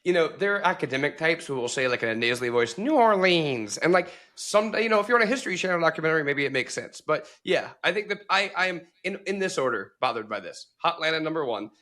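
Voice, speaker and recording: A man co-hosting a sports podcast, animated and playful in casual chat. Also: medium pitch. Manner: animated, quick, playful asides. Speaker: podcast co-host.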